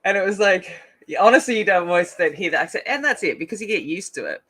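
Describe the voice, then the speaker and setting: Lively Australian woman chatting while colouring. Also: lowish voice, fast talker. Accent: North Queensland Australian. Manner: chatty, giggly, rambling with many fillers. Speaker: colouring channel host. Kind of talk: casual chat while colouring.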